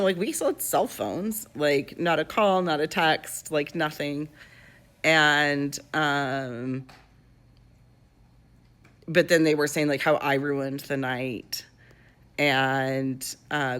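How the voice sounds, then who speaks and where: A woman's voice: a bass voice, a bit bright. A woman in her twenties telling a personal story in a casual, rambling way, with lots of fillers and restarts.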